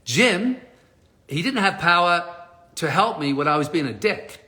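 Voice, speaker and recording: A man's voice: fairly high pitch, lively intonation, measured pace, sharp tone. A middle-aged man hosting a live stream, telling a personal story to his viewers and acting out the dialogue. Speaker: live stream host, speaker on change.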